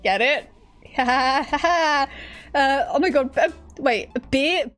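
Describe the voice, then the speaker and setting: A woman's voice: sits high, takes it slowly, a bit bright. A woman streaming video games, chatting playfully, giggling often and letting out sudden shrieks. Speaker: game streamer. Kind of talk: live-streamed gameplay chat. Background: game music.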